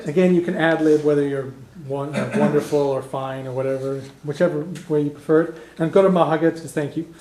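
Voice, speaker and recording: A man teaching a beginner language class, explaining step by step and modelling phrases slowly so the class can repeat them. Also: a little high, fairly even intonation, mellow. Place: community classroom in a heritage house. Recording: echoey classroom recording.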